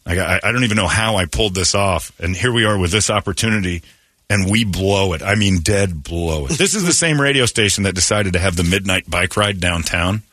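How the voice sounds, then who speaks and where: Middle-aged male morning radio host, low and forceful, dry studio sound, rambling storyteller. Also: brisk, no room sound. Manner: rambling storyteller, swings into loud excited mock voices. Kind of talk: casual morning radio talk. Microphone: studio microphone.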